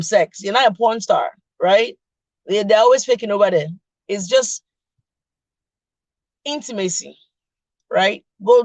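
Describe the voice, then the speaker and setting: A woman's voice: mid-range voice, dry recording. A middle-aged woman with a Nigerian accent hosting a casual chat, laughing often and teasing her viewers directly. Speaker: podcast host.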